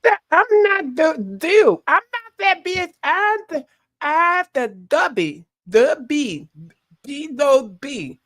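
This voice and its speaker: A woman's voice: high-pitched, very animated, takes it slowly, fairly bright tone, voice pushed up, heavily acted. A woman putting on a brash, profane older woman who plays innocent and curses a lot. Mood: mock-innocent. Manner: drawling, cursing, mock-innocent.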